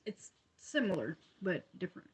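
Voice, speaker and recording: A woman's voice: lowish voice, sing-song, normal speed, darkish tone, slight background noise, rough recording. A young woman with an upstate New York accent, chatting casually and rambling while she crochets on a livestream. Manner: rambling, chatty, laughs often, many fillers.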